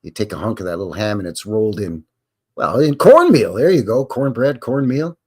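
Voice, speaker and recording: Chatty man with lively pitch. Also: slightly rough. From Canada. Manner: chatty, jokey, rambling with quick asides. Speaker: host. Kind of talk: live-stream chat reading viewer questions.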